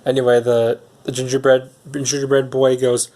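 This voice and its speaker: A man's voice: mid-range voice, flat delivery, moderate pace, warm tone. Rambling man recapping a movie. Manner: rambling, hesitant, many ums and restarts. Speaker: movie reviewer. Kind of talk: casual film recap.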